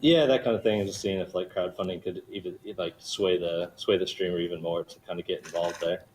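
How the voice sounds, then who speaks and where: A man's voice: sits low, steady tone, fairly quick, darkish tone, a little hiss or hum, rough recording. A man calling in from an office to ask a question, hesitant and full of fillers. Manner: hesitant, lots of "like". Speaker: caller asking a question. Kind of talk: casual voice chat.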